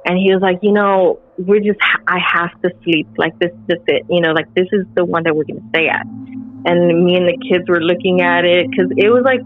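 A woman's voice: on the low side, fairly even intonation, brisk, a little hiss or hum. A middle-aged woman, a podcast guest, telling a personal story casually and animatedly with lots of filler words. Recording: phone-like call audio with faint music.

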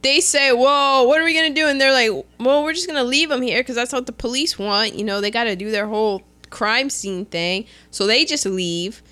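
A woman's voice: fairly high pitch, moderate pace, few pauses. A young woman co-hosting a podcast, chatting casually as she recaps a film, laughing often and acting out the characters' lines. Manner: animated, laughs often, acts out quotes. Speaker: podcast co-host.

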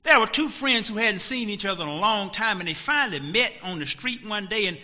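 A middle-aged male pastor preaching a sermon emphatically, rising to shouts with dramatic pauses. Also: high voice, lively intonation. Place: church sanctuary. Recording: dull recording, long hall echo.

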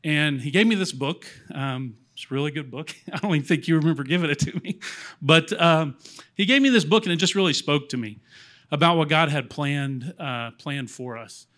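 A man's voice: fairly high pitch, moderate pace, fairly bright tone. A man in his forties giving a personal testimony from a church stage on a handheld mic, rambling and self-deprecating, getting choked up as he talks. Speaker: church member sharing testimony. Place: church platform, in front of congregation.

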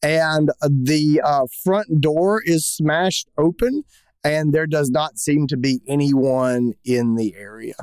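A man narrating as dungeon master of a comedy tabletop game, jumping high to shout the crowd's lines. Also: slow pace, clean tone, dry recording.

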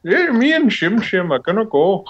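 Guy doing a squeaky hyper irish boy, old-timey brogue, voice bouncing way up high. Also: big pitch swings, moderate pace, fairly bright tone, lo-fi sound. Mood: giddy. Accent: Irish, put on.

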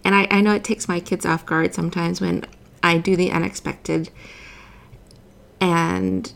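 A woman, a mother and former teacher, hosting a casual interview with lively talk, frequent laughs and restarts. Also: fairly low pitch, normal speed, creaky. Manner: animated, laughs often, many restarts. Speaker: podcast host.

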